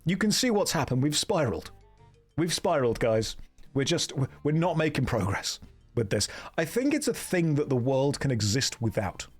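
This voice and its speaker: A man chatting through a video game stream, joking with his viewers as he plays. His delivery swings up and down with lively pitch, and quiet game music runs underneath. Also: moderate pace, husky. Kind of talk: casual gameplay commentary.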